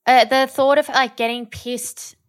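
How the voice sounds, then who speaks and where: A woman's voice: on the high side, flat delivery, measured pace, smooth. A young woman co-hosting a casual chat podcast, blunt and sweary, with dry banter. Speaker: podcast co-host.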